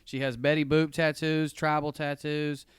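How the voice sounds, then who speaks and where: A man dropping deadpan one-liners in casual, tipsy podcast chat. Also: fairly high pitch, moderate pace, smooth, no room sound. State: drinking, tipsy. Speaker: podcast guest.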